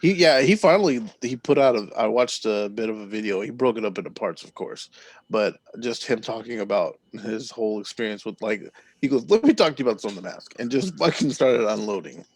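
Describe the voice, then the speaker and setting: A man's voice: lowish voice, fairly quick, no echo. A man co-hosting a podcast, chatting casually and making wry remarks while reading out film summaries. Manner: wry, reads out film synopses. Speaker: podcast co-host. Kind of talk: casual chat.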